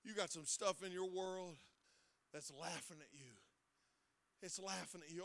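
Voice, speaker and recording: A male assistant pastor preaching an impassioned sermon, swinging from loud shouts to hushed tones with a sing-song cadence at the peaks. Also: high-pitched, big pitch swings, a little slow, gravelly, pauses often. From Ohio. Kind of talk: Pentecostal-style preaching sermon. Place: church sanctuary.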